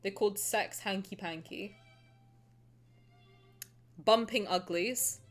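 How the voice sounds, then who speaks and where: A young woman from the American South, streaming and chatting casually with her viewers while reading a game story aloud, animated and quick to swear. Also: mid-range voice, faint music behind. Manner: chatty and animated, swears freely, laughs at herself.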